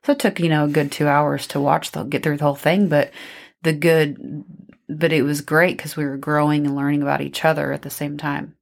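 A woman's voice: deep voice, flat delivery, a little fast, creaky. A woman co-hosting a podcast, mostly chiming in with short, easygoing agreement and the odd story. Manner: brief agreeing interjections, easygoing. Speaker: podcast co-host. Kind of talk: casual advice chat.

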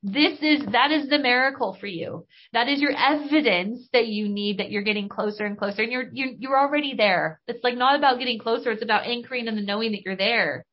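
A woman's voice: on the high side, a little fast, few pauses. A woman hosting a podcast and giving an enthusiastic spiritual coaching talk, casual and bubbly with mild slang. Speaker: podcast host and business coach. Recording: dull lo-fi recording.

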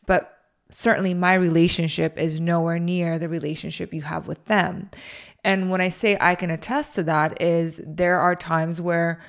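A woman's voice: on the low side, little pitch movement, normal speed. A woman co-hosting a casual podcast, asking questions in a hesitant, curious way. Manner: inquisitive, hesitant phrasing. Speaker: co-host.

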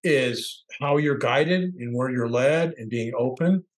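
A man's voice: medium pitch, takes it slowly, rough recording. A middle-aged man sharing candid personal reflections as a podcast co-host, thinking aloud and searching for words. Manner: candid, searching, acts out quoted voices.

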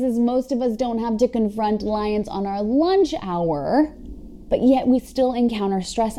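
A woman's voice: medium pitch, mellow. A young adult woman health coach explaining a topic on her solo podcast in a casual, upbeat way, talking straight to her listeners and swearing now and then. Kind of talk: solo podcast teaching talk.

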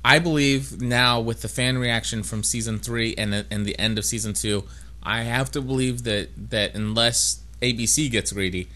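A man's voice: mid-range voice, fairly even intonation, moderate pace, sharp tone. Rambling, jokey podcast host man. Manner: rambling, self-mocking, jokey. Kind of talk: casual chat.

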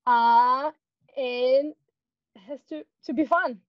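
A woman's voice: high voice, drawn-out words, no room sound, dull audio. A woman tennis coach as a podcast guest, talking in an earnest, plain way. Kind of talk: casual interview chat.

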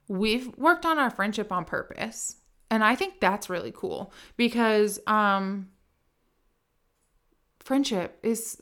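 A woman co-hosting a casual podcast from a home kitchen, talking in a chatty, enthusiastic way. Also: fairly high pitch. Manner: enthusiastic, warm-hearted, chatty with many "like"s. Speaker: podcast co-host. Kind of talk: casual conversational podcast chat.

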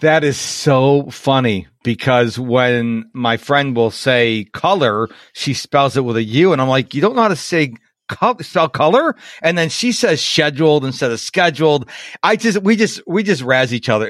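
A man's voice: mid-range voice, normal speed, fairly bright tone, no room sound, studio quality. An American man hosting a podcast, chatting casually and eagerly, often repeating himself. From Rochester, New York. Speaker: podcast host. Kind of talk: casual interview chat.

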